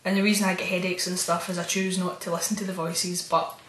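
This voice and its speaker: In a roomy-sounding recording, a woman with a lowish, level voice speaks fast as she vlogs casually. Her story about her experiences wanders and rambles, chatty and spooked, dotted with soft nervous asides.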